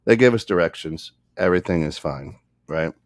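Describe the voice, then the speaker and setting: A man with a low-pitched voice tells a funny story on a podcast, laughing often and slipping into the voices of the people in it. The studio sound is dry and close. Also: normal speed, dry recording. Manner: animated, laughing, acts out voices in anecdotes. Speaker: podcast co-host. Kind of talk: casual storytelling. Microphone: studio microphone.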